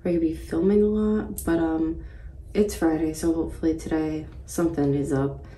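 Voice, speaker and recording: A woman's voice: sits low, fairly even intonation, moderate pace, dark tone, distant mic, slight background noise. A woman in her late twenties chatting casually to camera in a morning vlog indoors at a house. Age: late 20s. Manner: chatty, rambling. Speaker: vlogger. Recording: roomy, from off the mic.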